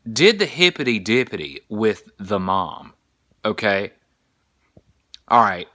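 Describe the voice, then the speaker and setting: A young man talks through a story with a lively, swooping delivery, his voice bright and edgy and placed close against a dry, dead background. He takes his time, drawing out his words as he tells it crudely and emphatically. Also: mid-range voice, no room sound. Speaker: podcast host. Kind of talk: casual comedic monologue.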